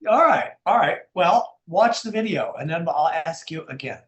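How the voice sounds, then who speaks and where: A man's voice: fairly high pitch, lively intonation, normal speed, a bit bright, reverberant, highs cut off. A man teaching an English class, playful and teasing with his students.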